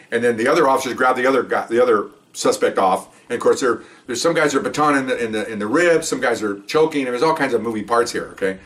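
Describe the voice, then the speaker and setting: Older man, retired cop, casual storytelling, rambling asides, fast talker, distant mic. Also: medium pitch, a bit bright. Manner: rambling, with many asides and "okay?" check-ins. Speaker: retired police officer telling stories.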